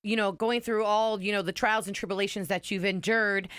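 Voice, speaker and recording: A woman's voice: mid-range voice, steady tone, brisk, fairly bright tone, no room sound. A woman hosting a radio morning show, interviewing a guest in a chatty, slangy way. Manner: chatty, slangy, laughs along. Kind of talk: casual interview.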